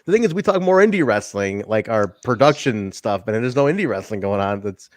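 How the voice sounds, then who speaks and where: A man's voice: on the low side, animated, a little fast, no echo, clean studio sound. A man co-hosting a wrestling podcast, chatting in a loose, rambling way and swearing casually. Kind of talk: casual chat.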